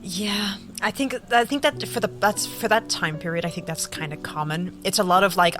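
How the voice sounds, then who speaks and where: A woman co-hosting a podcast in a joking, casual way, reacting quickly and reading bits aloud. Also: medium pitch, fairly even intonation, over music. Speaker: podcast co-host. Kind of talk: casual chat.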